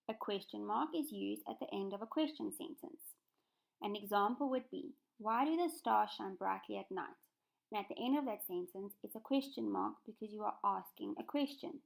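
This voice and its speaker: A woman teaching a remote lesson to young children in a patient, clear instructional tone. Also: mid-range voice. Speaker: primary school teacher.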